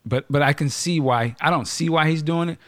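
A man's voice: fairly high pitch, no room sound. A man hosting a podcast in casual chat, joking and restarting his sentences as he goes. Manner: animated, joking, halting restarts. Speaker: podcast host.

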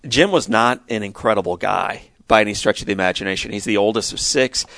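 A man's voice: fairly low pitch, fast talker, creaky, a bit bright, no echo. A middle-aged man, a podcast guest, telling a personal story with earnest, emphatic storytelling. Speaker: guest speaker.

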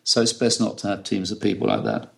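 Brisk and very animated, his lowish voice is gravelly yet fairly bright in tone. A middle-aged British photographer, he's in an interview telling easygoing anecdotes and laughing a great deal.

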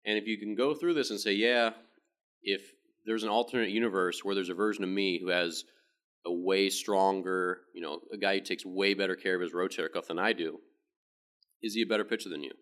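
A man, a baseball pitching coach, giving a casual, rambling explanation with frequent restarts. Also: fairly even intonation, brisk, fairly bright tone.

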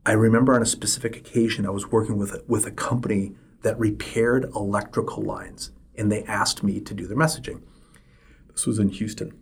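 A middle-aged man talks through a solo podcast episode in a low, slightly husky voice. He speaks emphatically and hammers his points home by repeating them. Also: fairly even intonation, fairly quick. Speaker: podcast host.

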